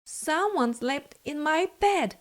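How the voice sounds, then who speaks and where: A woman doing a high-voiced mother bear. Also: slow pace. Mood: puzzled. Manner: plain, even-toned. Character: mother bear, plain middle voice.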